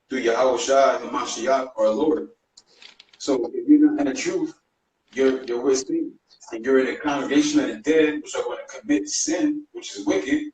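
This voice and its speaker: A man's voice: medium pitch, a little mellow. Blunt man preaching in a roomy space. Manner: blunt, emphatic. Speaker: fellow preacher in a debate. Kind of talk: casual preaching with scripture reading. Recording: roomy, distant, faint noise.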